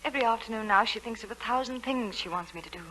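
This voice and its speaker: An actress playing Ellen, a torn young woman in love, in a 1940s radio play, speaking softly and pleadingly. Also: fairly high pitch, very fast, slight background noise, poor audio. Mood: tender. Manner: soft, pleading and restrained. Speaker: narrating lead in a radio play. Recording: old radio broadcast with faint music.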